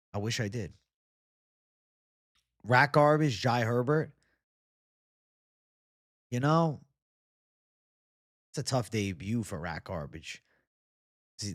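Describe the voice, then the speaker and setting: A man's voice: medium pitch, animated, unhurried, long pauses, dry recording, studio quality. A young man from Boston hosting a casual live chat. He talks loosely and swears a lot. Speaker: livestream host.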